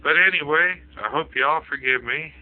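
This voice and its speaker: A man's voice: fairly high pitch, moderate pace. A man telling a long rambling joke, filling his talk with "you know". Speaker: storyteller. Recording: phone-like lo-fi audio.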